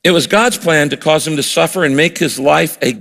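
A man's voice: on the high side, fairly quick, gravelly, fairly bright tone. An older man preaching a sermon as a pastor, earnest and emphatic, often repeating words and acting out quoted lines. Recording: long hall reverb.

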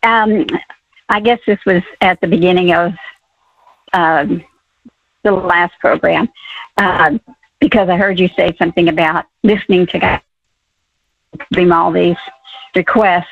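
An older woman calls in over a thin, phone-like line, her voice gravelly and husky. She speaks haltingly, with plenty of fillers and pauses. The sound is dry and close. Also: lowish voice, steady tone, no echo. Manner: halting, many fillers, laughs often. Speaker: caller. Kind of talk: call-in testimony.

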